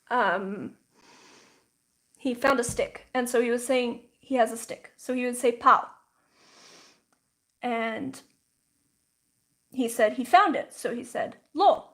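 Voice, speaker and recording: A woman hosting a casual livestream, chatting and telling stories with lots of "like" fillers. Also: fairly high pitch. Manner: chatty, frequent "like" fillers, storytelling; slow, thoughtful explaining. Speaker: livestream host.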